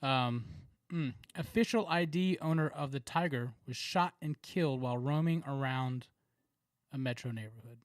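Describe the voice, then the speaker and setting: A Southern American man co-hosting a podcast chats casually, with laughter, rambling and a lot of fillers. He has a mid-range voice and a moderate pace. The recording is dry.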